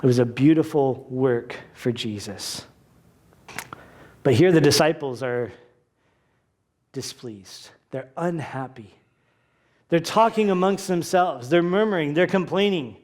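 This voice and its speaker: High-voiced man preaching a lively sermon. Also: slow pace, pauses often. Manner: animated, acts out quoted voices, conversational asides. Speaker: pastor.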